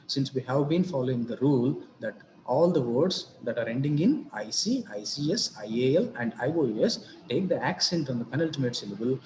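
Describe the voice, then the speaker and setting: A man giving a grammar lesson on word stress, speaking slowly and deliberately and repeating example words. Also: medium pitch, darkish tone, reverberant, a little hiss or hum. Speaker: English teacher.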